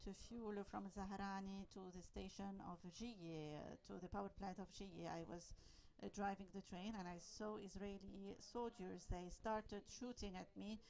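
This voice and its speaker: A woman on a panel retelling a train driver's account in the first person, halting with many fillers. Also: medium pitch, creaky, a little mellow, low-quality recording. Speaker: panel speaker.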